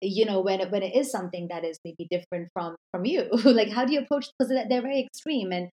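A woman's voice: mid-range voice, fast, mellow. A woman hosting a podcast interview, chatting casually and asking long, rambling questions. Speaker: podcast host.

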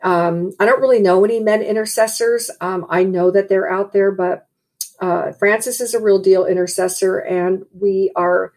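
A woman's voice: medium pitch, steady tone, normal speed, a little mellow. A woman, a Christian speaker, earnestly retelling a testimony in storytelling style.

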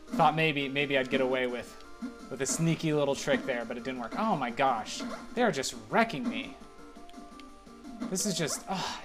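Rambling gamer man narrating his play. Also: medium pitch. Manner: rambling, self-deprecating play-by-play with sudden exclamations. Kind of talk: casual gameplay commentary.

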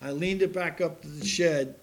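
A man's voice: on the high side, normal speed. Folksy older man preaching a sermon. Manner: folksy storytelling, self-deprecating humor; laughs at his own story. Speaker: pastor.

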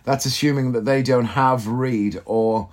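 A man's voice: mid-range voice, fairly even intonation, measured pace, darkish tone. A man, likely in his thirties, telling a rambling, self-mocking comic story on his podcast and swearing casually. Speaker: podcast host. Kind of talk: casual comedic monologue.

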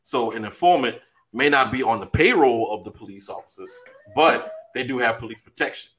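A man's voice: mid-range voice, brisk, a bit bright, a little hiss or hum. A man co-hosting a podcast, arguing conspiracy ideas in a playful, emphatic casual chat. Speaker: podcast co-host.

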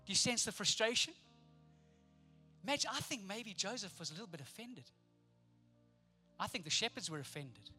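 A man preaching a sermon, animated and playful, acting out the people in his story. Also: high-pitched, normal speed, long pauses, breathy edge, soft background music. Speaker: pastor.

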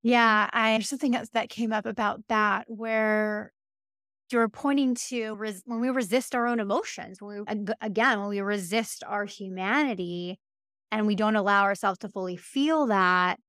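A woman's voice: mid-range voice, fairly even intonation, moderate pace, fairly bright tone, clear, resonant tone, dry recording. Reflective woman podcast host, dry sound. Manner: reflective, thoughtful, frequent "like". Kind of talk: casual conversational podcast.

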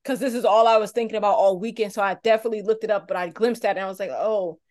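A woman co-hosting a casual podcast, telling a rambling, animated story with frequent laughs. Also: mid-range voice, rapid-fire. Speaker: podcast co-host.

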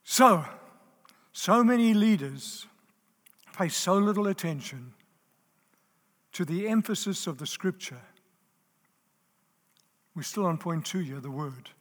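A man delivering a sermon in a high, light voice. He stresses his points, says them over again and asks his listeners if they are with him. The sound rings out with the long reverb of a large hall. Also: expressive, slow pace, long pauses, fairly bright tone. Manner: emphatic, repeats key phrases, asks the audience if they are there. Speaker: preacher.

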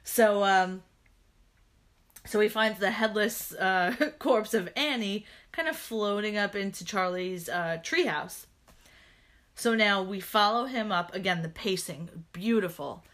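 Relaxed woman chatting about a film. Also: mid-range voice, unhurried. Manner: relaxed, agreeing, laughs often. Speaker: podcast co-host. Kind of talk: casual movie review chat.

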